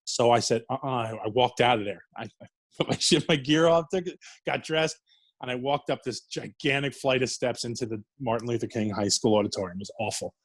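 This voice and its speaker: A middle-aged New Yorker and wrestler, guesting in a casual interview, rambles through profane wrestling anecdotes while laughing. His mid-range voice is slightly rough and a little fast, with no room sound.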